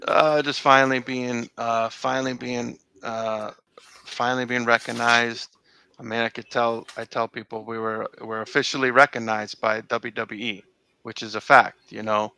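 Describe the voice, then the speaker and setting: A man's voice: mid-range voice, little pitch movement, normal speed, pushed and bright, smooth, rough recording. A middle-aged man recalling old times in a casual interview, rambling with many fillers and restarts. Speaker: interview guest.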